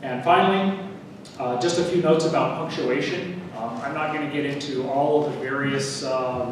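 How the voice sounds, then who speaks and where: A man giving a workshop talk on writing at a writers' meeting, teaching in a relaxed way with wry asides. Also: mid-range voice. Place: meeting hall. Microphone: room recording from a distance. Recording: echoey hall recorded from far off with noise.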